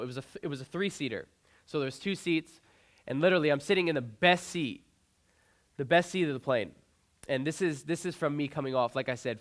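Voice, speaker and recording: A man's voice: on the high side, a bit bright. A young man giving an inspirational keynote speech on a conference stage, telling a personal story earnestly into a stage microphone, often restarting and repeating his phrases. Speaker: motivational speaker.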